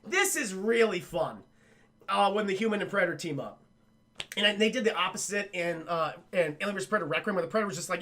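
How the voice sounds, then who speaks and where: A man's voice: high voice, quick pace. A man streaming a casual, profane film review and talking straight to his chat. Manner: profane, excitable, keeps addressing the chat. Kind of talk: casual livestream film commentary.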